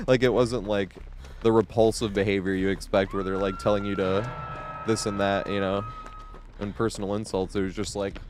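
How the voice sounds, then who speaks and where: A man's voice: on the low side, steady tone, normal speed, pauses often, a little mellow, a little hiss or hum. A man streaming a game, chatting casually and telling stories with lots of laughter and swearing. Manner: laughs often, swears freely, tells stories animatedly. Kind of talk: casual live gameplay commentary.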